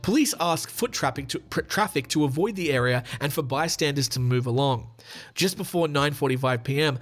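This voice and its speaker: A man's voice: medium pitch, fairly bright tone. A man hosting a podcast in a chatty, rambling monologue, with frequent fillers and restarts. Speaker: podcast host.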